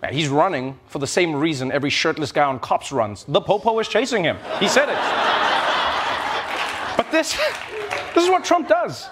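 A man's voice: high-pitched, very animated, fairly quick. A male host delivering a sarcastic, mocking comedy monologue with big swings in his voice. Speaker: late-night comedy host. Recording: noisy recording.

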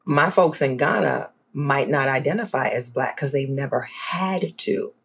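New orleans accent, gravelly voice, scholar guest in a casual chat, gets animated and emphatic, jumps way up in pitch to make a point. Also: a little slow. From Southern United States. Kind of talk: casual panel discussion.

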